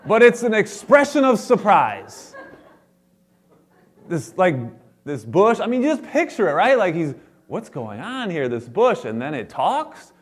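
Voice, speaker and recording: A man preaching a sermon as a pastor to his congregation, animated and playful, acting out the lines he quotes. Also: on the high side.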